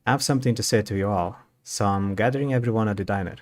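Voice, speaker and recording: A man reading the lines of a decisive young male class leader in a story game, in a brisk, organizing way. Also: lowish voice, close to an everyday voice.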